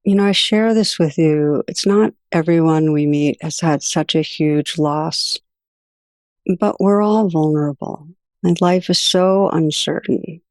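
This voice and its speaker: Gentle woman teaching meditation, dry sound. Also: low voice, dry recording. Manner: gentle, unhurried storytelling with soft pauses. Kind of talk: reflective teaching talk.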